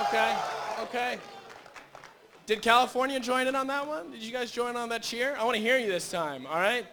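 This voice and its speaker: Bright, high-voiced joking emcee man. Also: normal speed. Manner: playful, teasing, shouts to hype the crowd. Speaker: tournament emcee. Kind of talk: joking crowd introduction. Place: large indoor tournament venue.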